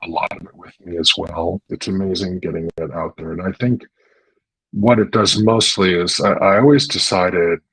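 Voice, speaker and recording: A man's voice: deep voice, steady tone, normal speed, fairly bright tone, slightly rough, dry recording, low-quality recording. A middle-aged man talking earnestly in an interview, telling his story with many restarts. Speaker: interview guest. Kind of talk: casual interview chat.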